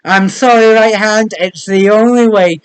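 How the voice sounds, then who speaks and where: Guy putting on his right hand as a pleading little drama queen, fake spanish accent, squeaky high. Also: unhurried, clean tone, dry recording, rough recording. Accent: mock Spanish. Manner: pleading, theatrical.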